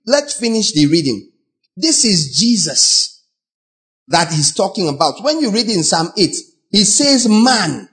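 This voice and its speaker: A man with a Nigerian English accent preaching a sermon as pastor, animated, acting out voices with sudden shouts. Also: high voice, a little slow.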